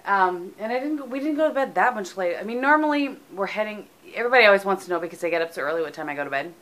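A woman's voice: mid-range voice, animated, very fast, fairly bright tone. A middle-aged woman from the United States, chatting casually in a home vlog with lots of ums, tired and sleepy, recorded on a camera mic. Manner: chatty, rambling, frequent ums. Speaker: vlogger.

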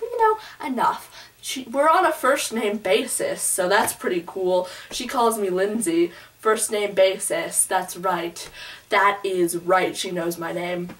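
A woman vlogging a casual book review, gushing and rambling like an excited fangirl. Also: medium pitch, recorded from a distance.

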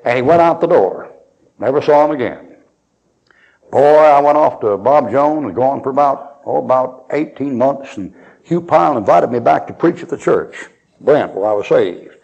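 A man's voice: mid-range voice, lively intonation, normal speed, vocal fry, a little mellow, lo-fi sound. A man preaching a sermon as a folksy storyteller who chuckles and acts out his dialogue.

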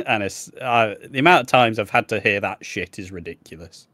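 A young man with a fairly low, sharp voice talks fairly quickly as a podcast co-host in casual chat. He rambles, swears freely, laughs often, and loses his train of thought. The recording is dry, with clean studio sound.

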